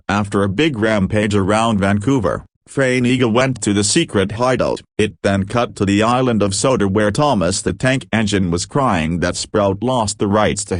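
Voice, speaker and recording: A man with a fairly low voice reads his homemade horror fan story aloud in a flat, even way. The sound is close and dry, with almost no room around it. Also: dry recording. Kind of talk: amateur fan-story narration.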